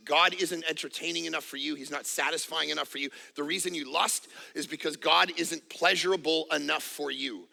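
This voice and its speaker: A man in his forties preaching a sermon, his voice sitting high and rough with a heavy gravelly grain. He drives points home by repeating them and slips in dry joking asides. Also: steady tone, fairly quick, hardly any pauses, sharp tone. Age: 40s. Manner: emphatic, repetitive, joking asides. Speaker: pastor.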